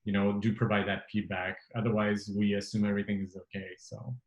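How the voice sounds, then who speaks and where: A man hosting a webinar round table, calmly explaining over a video call. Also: on the low side, fairly quick. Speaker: host. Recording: echoey room.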